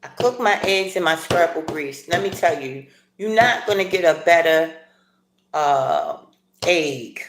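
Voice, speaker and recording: A middle-aged woman with a fairly low voice chats casually on a livestream, rambling and playful, sometimes jumping up into animated asides. The sound is echoey, as if in a bare room. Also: measured pace. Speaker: livestream host. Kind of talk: casual live chat while eating breakfast.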